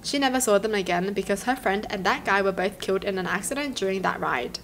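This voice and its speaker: A young woman from Australia, hosting and reading stories aloud, then reacting to them with animated exclamations. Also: mid-range voice, fast, few pauses, slight background noise. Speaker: host.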